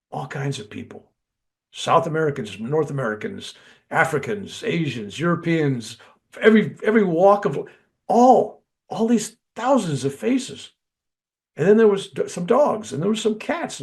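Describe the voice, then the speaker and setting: An older man telling a personal story in an animated way, acting out the people he quotes. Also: fairly high pitch, gravelly. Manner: animated, quotes others in lively bursts. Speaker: guest recounting a near-death experience.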